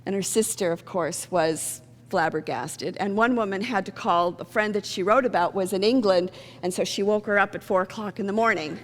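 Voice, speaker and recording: A woman's voice: mid-range voice, moderate pace, few pauses, in a large hall, a little hiss or hum. A woman minister giving a sermon in a conversational, storytelling way, acting out the people in her stories. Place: church sanctuary.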